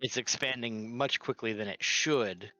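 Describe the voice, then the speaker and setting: A man narrating a tabletop role-playing game as game master, slow and halting with many restarts. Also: medium pitch, bright, forceful tone, no echo, faint music behind.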